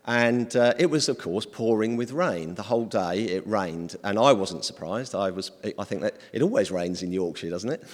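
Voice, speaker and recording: A man's voice: on the low side, expressive, moderate pace, hardly any pauses, long reverb tail. A man preaching an informal sermon in a conversational, hesitant way, with many ums.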